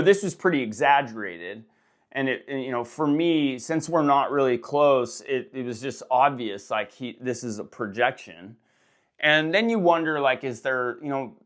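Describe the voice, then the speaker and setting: A middle-aged man talks straight to his audience in a loose, rambling monologue. He swears freely and trips over his own sentences as he works through them. His voice sits at an ordinary middle pitch. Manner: rambling, frank, swears, many restarts. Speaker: host. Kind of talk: casual personal monologue.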